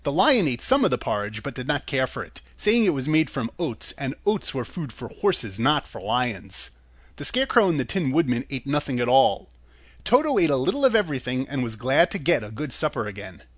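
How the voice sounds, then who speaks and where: A man reading a storybook aloud in a calm, steady narrating voice. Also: mid-range voice, a little fast, no room sound.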